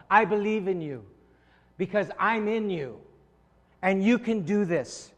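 A man's voice: sits high, animated, unhurried, pauses often, dull audio. A man preaching a sermon, telling a story and acting out quoted voices, often repeating words as he starts a thought. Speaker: pastor. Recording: long hall reverb.

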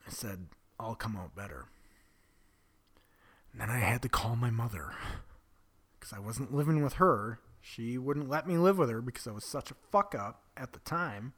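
A vlogger tells his own story candidly and confessionally, often dropping to a breathy near-whisper and swearing bluntly. His medium-pitched voice is animated and fairly bright, at a normal speed.

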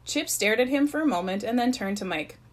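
A woman narrating a children's chapter book in a plain, even reading voice. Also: fairly high pitch, a little fast. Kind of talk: storybook read-aloud.

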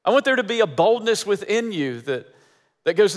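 Male pastor, high voice, emphatic repetitive sermon delivery, hall reverb. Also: sing-song, moderate pace. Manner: emphatic, repeating phrases for effect.

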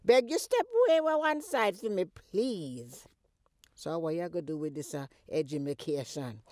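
A woman voicing a sharp-tongued older Jamaican mother who scolds and teases her grown daughter in a comedy skit. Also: low voice, expressive, normal speed, no room sound, studio quality, voice pushed down. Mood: mocking scolding. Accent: Jamaican patois. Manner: teasing, scolding, big swoops and cackles.

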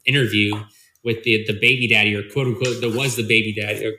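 Male podcast co-host, bright edgy tone, emphatic profane chat, roomy echo. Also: on the low side, fairly even intonation, fast talker, slight background noise. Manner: emphatic and profane, says bro. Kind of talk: casual chat. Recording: echoey room.

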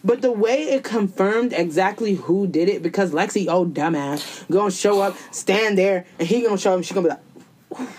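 A woman chatting casually with a friend about a TV show, animated and profane, acting out characters in quick quoted voices. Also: mid-range voice. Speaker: co-host recapping a TV series. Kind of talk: casual chat.

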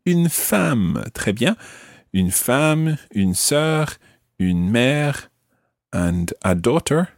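A man teaching a podcast language lesson, patiently modelling words slowly for the learner to repeat. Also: mid-range voice, lively intonation, no echo, studio quality.

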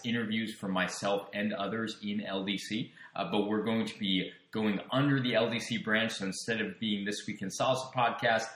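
A man's voice: lowish voice, sharp tone. A man hosting a dance podcast, talking in a casual, upbeat and joking way. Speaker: podcast host. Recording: roomy echo.

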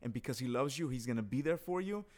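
A man's voice: medium pitch, animated, quick pace, darkish tone. A man who is a guest on a podcast, speaking earnestly and encouragingly about his faith in casual conversation.

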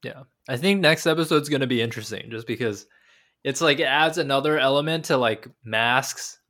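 Young man, casual co-host chat, animated, rambling with fillers, mid-pitched voice. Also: fairly quick. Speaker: podcast co-host. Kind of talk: casual anime episode discussion.

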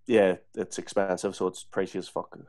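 A man's voice: deep voice, flat delivery, normal speed, a little mellow. A man from Northern Ireland with a Northern Irish accent, a podcast guest explaining local slang in a laid-back, laughing way. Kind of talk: casual podcast chat.

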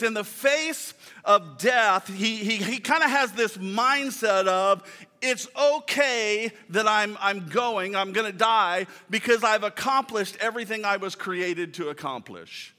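Bright-voiced pastor preaching in a hall. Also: male voice, high-pitched. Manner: conversational, joking with congregation, emphatic slow quotes. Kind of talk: sermon. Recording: reverberant hall sound.

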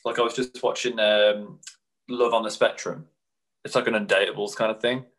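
Brief: male podcast co-host, lively storyteller, drops into quick impressions. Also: on the low side, rough recording. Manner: animated storyteller, mimics people in quick put-on quotes. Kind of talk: casual chat.

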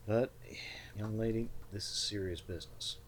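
A man voicing a lanky older gentleman in a bolo tie, folksy and quietly threatening. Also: lowish voice, steady tone, moderate pace, a little hiss or hum, natural voice. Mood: stern. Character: lanky male gentleman, folksy but menacing boss.

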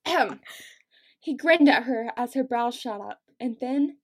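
A woman's voice: on the high side, measured pace, slight background noise. A woman co-hosting a podcast, chatting casually and reading passages aloud, tired and often breaking into giggles. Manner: giggly, reads with dramatic asides. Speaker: podcast co-host.

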